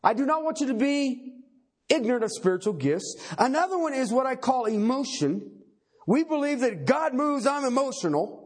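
A man's voice: very high voice, big pitch swings, normal speed, husky. A man preaching a sermon, emphatic and folksy, repeating key phrases for effect.

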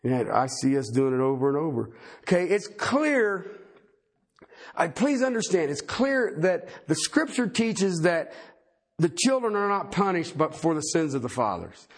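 A middle-aged pastor preaches in a folksy, animated manner, his voice pitched high for a man. A husky grain runs through his delivery, and he breaks into joking asides. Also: a little slow. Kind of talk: sermon.

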